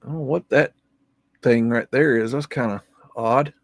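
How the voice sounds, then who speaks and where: Gravelly, folksy man musing aloud. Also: mid-range voice, normal speed, no echo. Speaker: live stream host. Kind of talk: casual commentary on old photos.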